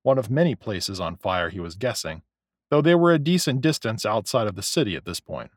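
A man narrating a novel as an audiobook, in a measured, expressive storytelling way. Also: on the low side, no room sound, studio quality. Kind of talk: scripted narration.

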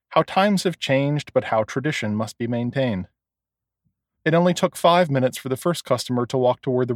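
Brief: male storyteller, lively pitch, dry close studio sound. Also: no room sound. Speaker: narrator. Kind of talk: audiobook narration.

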